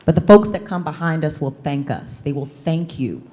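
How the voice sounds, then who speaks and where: A woman with a low-pitched voice delivers a motivational keynote from a conference stage. She is lively and leads the crowd in call-and-response chants. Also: moderate pace. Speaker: keynote speaker and coach.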